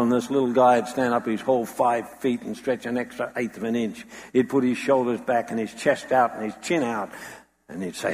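A man's voice: mid-range voice, fairly even intonation, brisk. A man preaching a sermon with dramatic storytelling, acting out the voices he quotes. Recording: long hall reverb.

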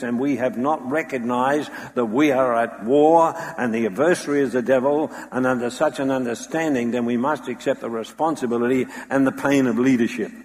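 Dramatic preacher in an echoing hall. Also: male voice, mid-range voice, a little mellow. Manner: dramatic storytelling, acts out quoted voices. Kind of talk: sermon. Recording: long hall reverb.

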